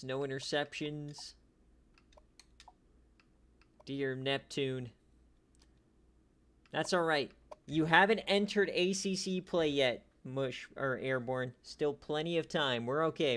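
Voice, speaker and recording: This league stream host talks slowly in a clear, resonant tone. His jokey, casual play-by-play recaps range from muttered asides to excited hollering.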